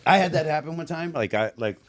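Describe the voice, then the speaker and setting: A man's voice: fairly high pitch, animated, quick pace. A man co-hosting a podcast, telling a meandering, profane street story. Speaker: podcast co-host. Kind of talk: casual storytelling.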